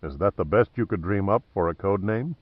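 A man reading an audiobook plays a wry, cocky male adventurer who stays cool under threat, mocking and deliberate. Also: sits low, husky, no echo, highs cut off.

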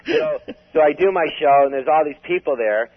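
A man's voice: a little high, sing-song, a little fast. A man telling a long story in a casual, rambling way, full of restarts. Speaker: comedian guest. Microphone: phone. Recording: tinny phone line.

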